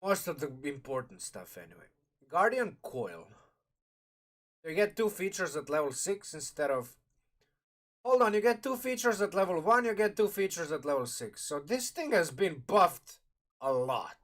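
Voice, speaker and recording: A man with a slightly high voice talks through a game rulebook on a live stream, thinking aloud as he goes. He rambles and restarts his sentences, and he is eating while he talks, so his words come out through a mouthful of food. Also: big pitch swings, moderate pace, a bit bright. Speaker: streamer reviewing a game sourcebook. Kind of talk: casual live-stream commentary.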